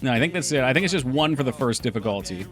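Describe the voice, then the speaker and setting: A man's voice: medium pitch, animated, very fast, a bit bright. A man chatting casually on a live stream while working on his game, thinking aloud and answering chat. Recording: faint music behind voice.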